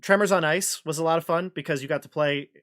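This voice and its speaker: Rambling game master, slightly high voice. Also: male voice, fast, a bit bright. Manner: rambling, many restarts and fillers. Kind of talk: casual chat. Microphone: video call.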